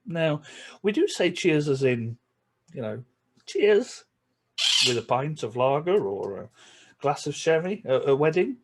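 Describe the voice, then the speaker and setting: A man with a Yorkshire accent chatting casually to camera as a vlogger, chuckling between remarks and slipping into quick asides. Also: a little high, sing-song, background noise. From England.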